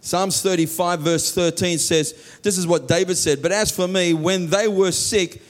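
Earnest preaching man, higher voice. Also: fairly even intonation, normal speed. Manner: voices heartfelt prayers aloud. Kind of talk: sermon.

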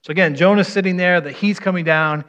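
A middle-aged man delivers a sermon like he is chatting with his congregation, folksy and full of restarts. His voice sits a little high for a man, and the recording sounds dull and lo-fi. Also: quick pace, fairly bright tone, clean tone. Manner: folksy, storytelling, frequent restarts and repeated words. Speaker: pastor. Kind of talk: conversational sermon.

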